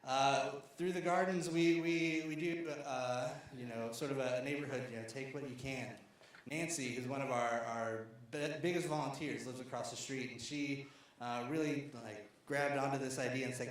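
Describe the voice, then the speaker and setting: A man's voice: medium pitch, fairly even intonation, normal speed, few pauses, slight background noise. A man from Arkansas giving a conversational storytelling talk at a lecture series, with fillers and restarts. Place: large lecture hall. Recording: very echoey hall.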